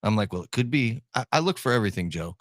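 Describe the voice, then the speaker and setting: A man's voice: lowish voice, lively intonation, quick pace, a bit bright, no room sound, clean studio sound. A man from Ohio co-hosting a podcast in casual chat, joking, laughing often and repeating his words. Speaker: podcast co-host.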